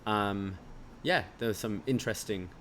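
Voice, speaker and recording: A man's voice: fairly low pitch, moderate pace, a bit bright, a little hiss or hum. Easygoing London man co-hosting a podcast. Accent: Northwest London English. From England. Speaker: podcast co-host. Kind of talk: casual chat.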